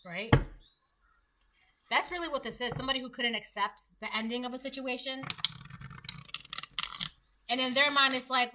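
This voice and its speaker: A woman's voice: high voice, steady tone, normal speed, pauses often, bright, forceful tone, a little hiss or hum. A woman giving a casual tarot reading, chatty and acting out the voices she quotes. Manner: chatty, acts out quoted voices, laughs at own jokes. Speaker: tarot reader.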